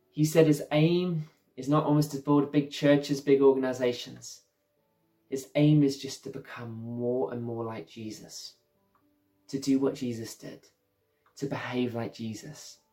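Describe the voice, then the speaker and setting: A man's voice: medium pitch, darkish tone. A middle-aged man preaching an earnest, conversational sermon as a pastor, often saying "you know".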